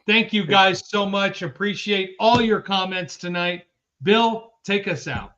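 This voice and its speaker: A little slow and high-voiced, the sports podcast co-host casually and cheerfully names viewers from the chat, one by one, over dull, lo-fi live-stream audio.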